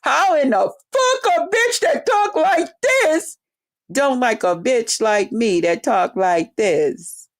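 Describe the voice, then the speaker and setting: A woman mocking a jealous rival woman in a high, nagging, mock-tearful voice. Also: animated, slow pace, exaggerated voice. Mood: whiny.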